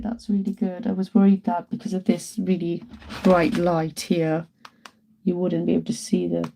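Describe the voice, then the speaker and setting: A woman's voice: lowish voice, dark tone, low-quality recording. A woman in her thirties, an artist chatting casually on a live stream, laughing often and greeting viewers as she works in her studio. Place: home art studio.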